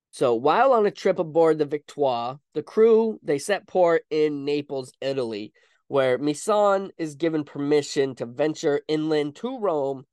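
A male podcast host with a fairly high voice tells a history story in a loose, conversational way, full of asides and "you know"s. He is recorded close on a microphone, and the sound is dry with no room around it. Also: darkish tone, clean tone, no echo. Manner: chatty, with frequent asides and fillers. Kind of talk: casual storytelling about history.

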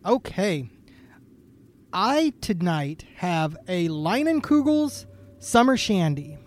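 A man's voice: high voice, very animated, slow. A man from Idaho co-hosting a podcast, chatting casually and joking, with many ums and restarts. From Idaho, USA. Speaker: podcast co-host. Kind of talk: casual chat.

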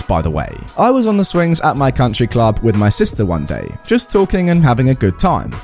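A man's voice: mid-range voice, darkish tone. A man reading online stories aloud and commenting on them in a chatty manner. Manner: acts out quoted voices, chatty asides. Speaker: story reader and commentator.

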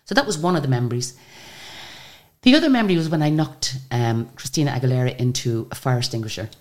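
Older woman, radio guest; low, expressive voice, animated storyteller who acts out each exchange. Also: fast. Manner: chatty, animated retelling of stories with quoted dialogue. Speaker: guest singer. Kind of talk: radio interview, anecdotal storytelling.

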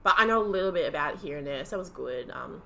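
Low, gravelly Australian woman co-host. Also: animated, very fast, sharp tone, a little hiss or hum. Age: 20s. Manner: rambling, filler-heavy. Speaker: podcast co-host. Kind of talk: casual chat.

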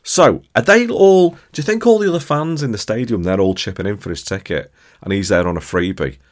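A man's voice: deep voice, animated, fast talker, a little mellow. A man hosting a podcast, talking in a chatty, jokey way and often checking in with listeners. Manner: chatty, jokey, addresses listeners directly with tag questions. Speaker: podcast host. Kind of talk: casual podcast monologue.

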